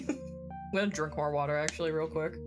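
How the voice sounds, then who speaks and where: A deep-voiced woman streamer talks briskly while playing a game, giggling often and swearing openly. Her throat is congested and phlegmy, and game music runs underneath.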